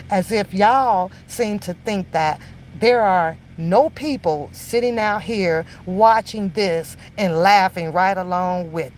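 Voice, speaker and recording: A woman in a heated reaction rant, cursing freely and mocking her target. She drags out the words she wants to land and jabs the rest in scornful bursts. Her voice sits at a middling pitch for a woman. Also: a little hiss or hum. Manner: profane, mocking, heated and emphatic; drawls key phrases slowly for emphasis. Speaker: online commentator. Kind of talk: ranting reaction commentary.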